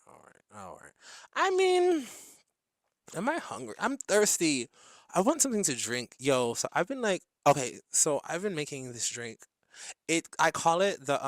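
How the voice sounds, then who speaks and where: A man's voice: mid-range voice, no room sound, clean studio sound. A man hosting his own show, rambling through a stream-of-consciousness monologue with giggles and filler words. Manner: rambling, giggly, breaks into sung jingles. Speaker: host.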